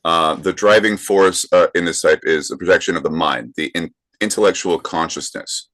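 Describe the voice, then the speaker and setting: A man's voice: deep voice, a bit bright, dry recording, low-quality recording. A man co-hosting a podcast, explaining a topic in casual chat with frequent "uh" and "um". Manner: explains slowly with many fillers. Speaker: podcast co-host.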